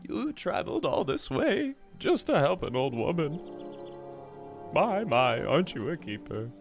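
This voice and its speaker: A man's voice: fairly high pitch, very animated, measured pace, gravelly, pitched above the performer's own voice, exaggerated voice. A man doing a proud old tauren grandmother. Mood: gentle, proud. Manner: reading quest text aloud in a put-on granny voice. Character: elderly female tauren matriarch, proud and kindly. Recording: game music underneath.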